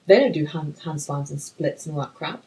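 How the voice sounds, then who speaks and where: A woman, co-hosting a film podcast in casual chat, ranting in an animated, sweary, exasperated way. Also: low voice, normal speed, low-quality recording. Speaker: podcast co-host.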